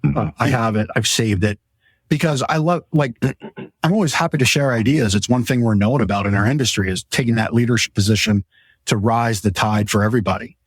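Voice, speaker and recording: A man with a medium-pitched voice hosts a casual podcast from his mattress showroom, talking fairly quickly in a dry recording. As the store's owner, he rambles enthusiastically about his products in a relaxed sales chat.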